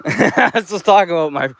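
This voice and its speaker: Out walking around an open lot, a vlogger in his thirties rambles and swears his way through chatty stories. His voice is high-pitched, animated, creaky and a bit bright, delivered at a moderate pace.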